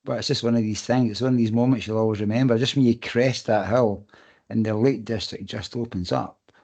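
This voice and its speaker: A relaxed man, talking at an average pitch. He tells stories casually on a podcast and swears now and then. His tone stays easygoing throughout. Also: fairly quick, vocal fry. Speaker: podcast co-host and race runner.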